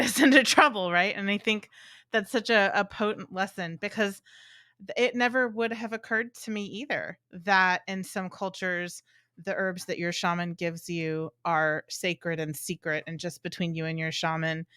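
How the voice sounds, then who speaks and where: A woman's voice: medium pitch, normal speed, sharp tone, smooth, dry recording, clean studio sound. A woman podcast host reflecting on what her guest said in a thoughtful, casual way. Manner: thoughtful, reflective, restarts words. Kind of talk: casual chat.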